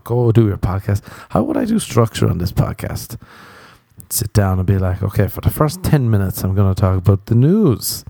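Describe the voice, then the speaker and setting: A young man in Los Angeles hosts a solo podcast, spinning rambling, swear-filled stories and acting out other people's lines. His voice is lowish, creaky, and mellow, with studio quality and no room sound.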